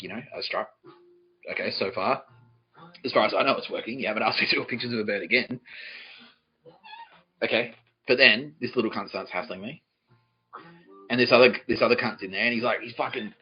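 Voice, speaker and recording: A man's voice: mid-range voice, brisk, pauses often, dull audio, soft background music. A man hosting a podcast, telling a rambling, profane comic story. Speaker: podcast host.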